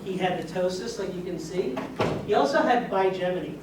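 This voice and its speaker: A man's voice: high voice, moderate pace. A man who is a doctor giving a conversational lecture to a live audience, asking them questions as he goes. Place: lecture room. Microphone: far room mic. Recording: echoey room, distant mic, background noise.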